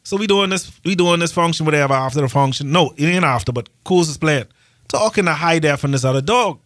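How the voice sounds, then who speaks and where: A man telling a crude, lively story in casual chat. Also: fairly high pitch, quick pace, no echo, clean studio sound.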